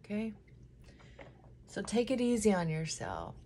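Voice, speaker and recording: A woman's voice: mid-range voice, wildly swooping pitch, unhurried, creaky, dark tone, slight background noise. A middle-aged woman chatting emotionally and candidly while doing her makeup at home, close to tears at times. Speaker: vlogger.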